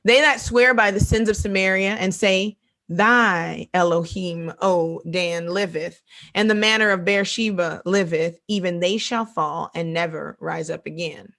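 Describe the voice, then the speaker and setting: With a lowish, creaky voice and a slightly slow pace, a woman teaches from the Bible in animated sermon fashion. She dramatizes quotes in different voices and repeats key phrases for emphasis.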